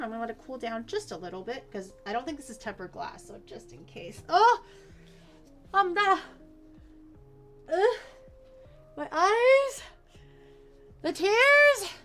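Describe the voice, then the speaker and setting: A woman with a fairly high, slightly bright voice streams herself cooking in her home kitchen. She chats casually, rambles through her explanations, and swears now and then.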